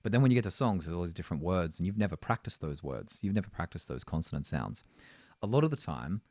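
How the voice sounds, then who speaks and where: A man's voice: sits low, big pitch swings, fast, a little mellow, no room sound. A man teaching singing, explaining technique and often checking in with "right?". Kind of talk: vocal lesson.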